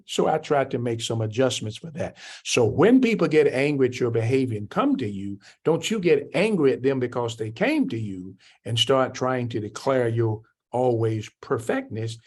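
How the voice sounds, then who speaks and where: Older male preacher, teaching voice that jumps up in pitch for quoted speakers. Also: darkish tone, husky. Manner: answers written questions from the class. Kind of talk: church coaching class.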